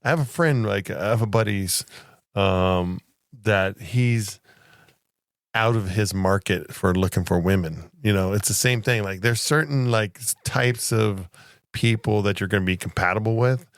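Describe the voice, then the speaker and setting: A man's voice: on the low side, unhurried, dry recording, studio quality. A man co-hosting a podcast, telling crew stories in loose casual chat full of restarts and fillers. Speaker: podcast co-host, flight attendant.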